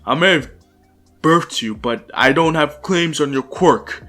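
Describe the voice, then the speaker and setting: A young hero lecturing calmly from inside his father's body, as a man voices him in a lowered tone. The delivery is earnest and low-key, with faint music behind. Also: a little slow.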